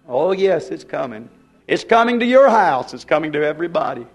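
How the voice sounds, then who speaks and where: A man's voice: on the high side, very animated, brisk, soft background music. An older man, preaching a fervent, exhorting sermon.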